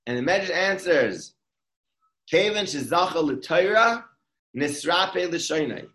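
A man's voice: fairly high pitch, animated, slow, bright, forceful tone, roomy sound, rough recording. A man giving an informal Torah talk in a conversational way, often restarting his sentences. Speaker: Torah speaker.

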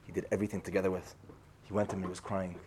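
This male speaker races through a Torah parable as a casual storytelling sermon, conversational and repetitive, performing the voices he quotes. His voice is low, a little mellow and fairly flat in pitch, with slight background noise behind it.

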